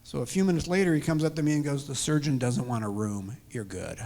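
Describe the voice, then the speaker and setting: Speaking fast at medium pitch with vocal fry and a slightly mellow tone, a retired man in his sixties gives personal testimony in a church sanctuary. As an interview guest, he voices the dialogue of his emotional story, and long hall reverb fills the recording.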